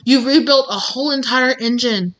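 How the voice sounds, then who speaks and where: With a moderate pace and a slightly high, fairly bright voice, a woman reads tarot for her viewers in an easygoing way. She encourages and reassures them, calling them "babes" amid frequent little fillers.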